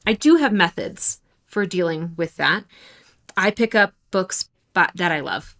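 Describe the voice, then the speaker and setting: A woman in her thirties co-hosts a podcast, chatting casually and candidly about her doubts as a writer, often poking fun at herself. Her voice is lowish with a fairly bright tone.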